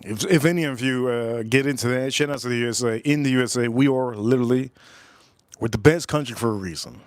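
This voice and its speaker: A man's voice: medium pitch, fast, no room sound, studio quality. A man hosting a live cooking stream, chatting loosely, joking and repeating himself as he reads the chat. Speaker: livestream host.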